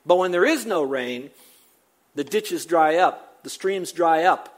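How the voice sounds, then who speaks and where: A man's voice: on the high side, expressive, slow pace. An older man preaching a sermon, emphatic and repetitive, building to rising exclamations. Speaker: pastor.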